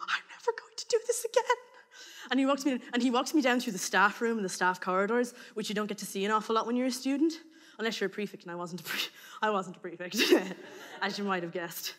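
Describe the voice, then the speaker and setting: An Irish woman telling a comic personal story to an audience, lively and acting out the voices of the people in it. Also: mid-range voice, fast talker, in a large hall. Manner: lively, acts out voices, breaks into laughter.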